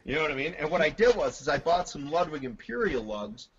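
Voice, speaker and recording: Man, fairly high voice, animated storyteller, laughs a lot, muffled lo-fi audio. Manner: animated storyteller, laughs often, halting restarts. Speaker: guest drum collector. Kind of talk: casual chat.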